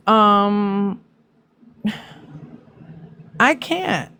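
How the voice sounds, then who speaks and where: A woman's voice: medium pitch, lively intonation, drawn-out words, long pauses, a bit bright, a little hiss or hum. A woman hosting a casual live stream, reacting to news with blunt, profane asides to her viewers.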